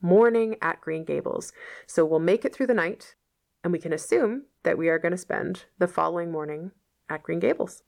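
A woman reads a novel aloud as a lesson, pausing to explain old-fashioned words in plain, simple language. Her voice is fairly low with a noticeable creak. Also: a little mellow. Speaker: teacher reading a novel aloud.

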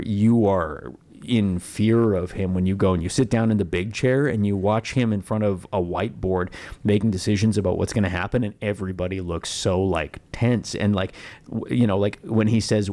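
A man with a fairly low voice talks through a film review in a loose, casual way. He circles his points, starting over and filling gaps with "uh" and "like" as he goes. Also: mellow. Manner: rambling, halting, with many fillers and restarts.

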